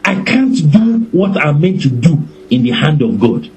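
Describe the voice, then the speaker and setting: A man preaching a sermon with a high voice that swoops widely up and down. He takes his time, stretching out his phrases and letting his points land slowly. His delivery is lively and warm, with laughter breaking through now and then. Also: slight background noise, poor audio. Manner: animated, deliberate, breaks into laughter.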